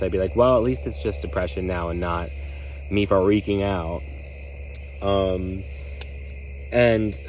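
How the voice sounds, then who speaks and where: A man's voice: on the low side, darkish tone, a little hiss or hum, rough recording. A man hosting a podcast, talking candidly in a rambling, reflective way with many fillers. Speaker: podcast host. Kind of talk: reflective solo talk.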